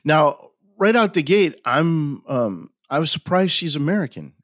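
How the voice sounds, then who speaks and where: Brief: male co-host, lively quick reactions, dry close sound. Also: on the high side, no room sound. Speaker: podcast co-host. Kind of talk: casual chat podcast.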